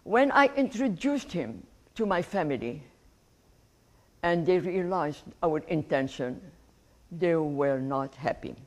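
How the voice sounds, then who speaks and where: This guest speaker, an elderly woman from Egypt, talks in a low pitch at a slow pace while telling an audience about her life. Her manner is warm and lively, and she laughs at what she recounts.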